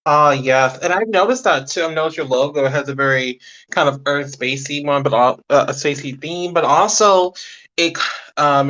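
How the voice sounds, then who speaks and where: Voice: medium pitch, fairly bright tone. A host chats playfully in a casual interview, tripping over words and correcting themselves as they go. The voice sits in the middle range. The recording sounds dull and lo-fi. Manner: playful, stumbling, self-correcting. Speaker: podcast host.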